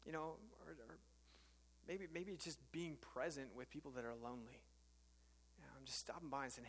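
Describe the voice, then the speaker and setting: A man's voice: mid-range voice, fairly even intonation, brisk, long reverb tail. A man preaching a sermon as pastor, earnest and conversational, with frequent fillers and restarts.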